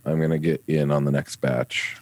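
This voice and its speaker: Very deep-voiced man, casual chat. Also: flat delivery, normal speed, a little mellow, no room sound. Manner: enthusiastic, rambling with fillers. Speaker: guest reporting from a trade show.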